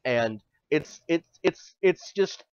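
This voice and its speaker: A man's voice: fairly high pitch, lively intonation, slow pace, slight background noise. A man in his thirties co-hosting a casual comedy podcast, loose and profane, swinging between mock boasting and joking gloom. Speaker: podcast co-host. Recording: dull, lo-fi, dry podcast audio.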